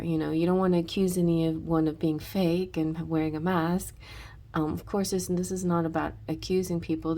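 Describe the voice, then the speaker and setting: A woman with a fairly low voice talks through a tarot reading. She rambles loosely, circling back with restarts and small fillers as she thinks aloud. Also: a little mellow. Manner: rambling, many restarts and "you know". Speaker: tarot reader.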